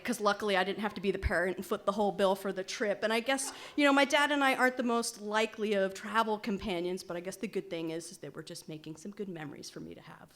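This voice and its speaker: A woman's voice: medium pitch, fast, hardly any pauses. Wry woman telling a live personal story. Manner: animated, wry, comic timing.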